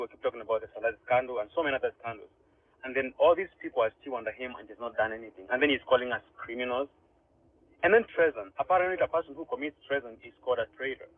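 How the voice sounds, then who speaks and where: Indignant man on a tinny line. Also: medium pitch. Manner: indignant, rhetorical questions. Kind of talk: online audio space discussion. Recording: dry, tinny phone-like line.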